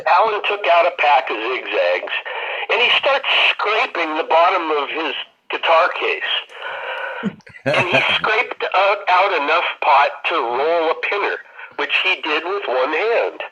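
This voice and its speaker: Lively, bright-voiced man in his sixties. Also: fairly high pitch, unhurried, husky, lo-fi sound. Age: 60s. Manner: animated, laughs often while telling stories. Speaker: podcast guest, rock photographer. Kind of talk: casual storytelling.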